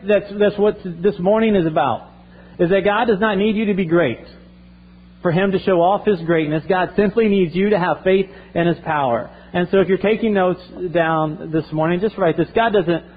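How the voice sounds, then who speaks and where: A man's voice: high-pitched, husky. Earnest male pastor preaching. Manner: earnest, repeats himself, restarts phrases. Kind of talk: sermon. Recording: tinny phone-like sound.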